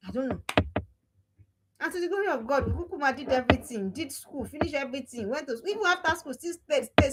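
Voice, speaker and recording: A middle-aged woman lectures parents in a high, lively voice. She repeats herself for emphasis and scolds as she exhorts. Heavy background noise runs under the recording. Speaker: parenting coach. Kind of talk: motivational talk to parents.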